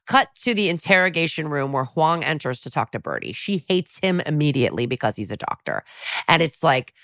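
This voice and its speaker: A woman's voice: sits low, sing-song, brisk, a bit bright, no room sound, studio quality. A woman co-hosting a podcast, casually recapping a TV episode with chatty, wry asides. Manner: chatty, wry asides while retelling scenes. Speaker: podcast co-host.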